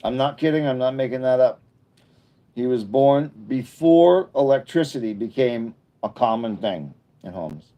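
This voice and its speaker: A man's voice: medium pitch, animated, moderate pace, dark tone. A man in his fifties chatting casually on a livestream, rambling through jokey asides as he reads and answers comments. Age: 50s. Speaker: livestream host.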